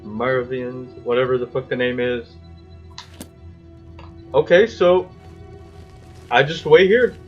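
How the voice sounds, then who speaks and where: A man's voice: mid-range voice, slow pace, long pauses, breathy edge, dull audio, faint music behind. A man giving casual, crude, joking commentary over gameplay and swearing freely.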